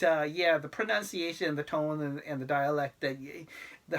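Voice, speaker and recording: A middle-aged man talking casually to camera about life abroad, rambling and laid-back with many fillers. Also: a little high. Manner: laid-back, self-deprecating. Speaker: expat vlogger.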